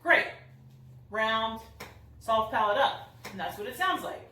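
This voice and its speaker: A woman's voice: a little high, unhurried, pushed and bright, slight background noise. A young woman voice teacher explaining singing technique in an upbeat, friendly teaching tone. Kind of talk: singing lesson demonstration. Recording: roomy echo, somewhat far from the mic.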